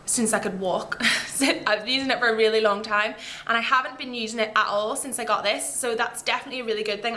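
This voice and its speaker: This woman, a beauty vlogger, speaks in a slightly high, bright, forceful voice. She enthuses casually about the makeup she loves, showing each product to the camera amid rambling tangents.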